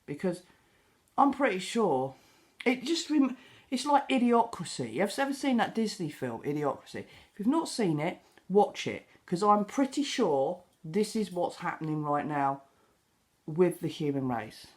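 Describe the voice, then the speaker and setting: British woman, sarcastic rant, lively up-and-down voice, casual chat at home. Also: mid-range voice, normal speed. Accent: British English. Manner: exasperated, sarcastic storytelling with acted-out quotes. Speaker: vlogger. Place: home kitchen.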